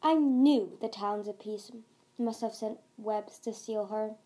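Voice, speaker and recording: A woman voicing a regal, commanding queen of sea dragons in a storybook reading, speaking loudly and emphatically. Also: mid-range voice, measured pace, natural voice. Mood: effusive. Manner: loud, demanding and emphatic.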